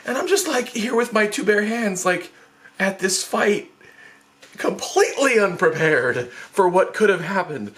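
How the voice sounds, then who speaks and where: A young man telling a story in a casual vlog, rambling and self-mocking, full of fillers and restarts, jumping into high panicky bursts when he acts out his past self. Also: moderate pace, a bit bright.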